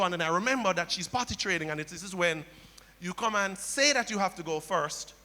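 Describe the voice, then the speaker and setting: Speaking a little quickly, a man delivers a sermon as pastor with a high-set, bright and forceful tone. Stories and repeated key phrases aimed back at the congregation fill the church sanctuary, which adds a long hall reverb.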